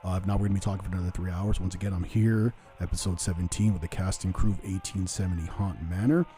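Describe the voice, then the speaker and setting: Fast-talking male podcast host. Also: deep voice, steady tone, mellow, soft background music. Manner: fast, joking, puts on silly voices. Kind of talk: casual chat.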